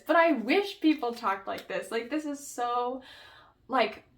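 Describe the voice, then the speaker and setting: A woman's voice: on the high side, expressive, a little slow. Young woman booktuber rambling happily about books she loves, lots of likes and ums. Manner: gushing, chatty, full of "like" and "um". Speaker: book vlogger. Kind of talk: casual book review chat.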